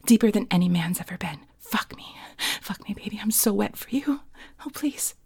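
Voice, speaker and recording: A woman voicing a breathless, eager lover in whispered role-play, with soft moaning whispers that break into sudden high cries. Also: lively intonation, moderate pace, gravelly, slightly rough, heavily acted. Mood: aroused.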